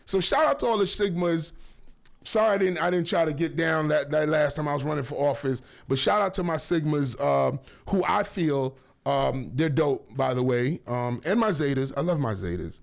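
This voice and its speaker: A man hosting a casual talk radio show, rambling and joking with lots of shout-outs and self-corrections, on a studio microphone. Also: fairly high pitch, lively intonation, moderate pace, vocal fry.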